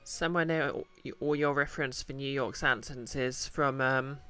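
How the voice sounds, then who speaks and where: Casting: britischer Streamer, locker und grübelnd, sehr heller Ton. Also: male voice, mid-range voice, steady tone, moderate pace, bright, forceful tone, clear, resonant tone, soft background music. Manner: musing, hesitant, chatty. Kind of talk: casual gameplay commentary.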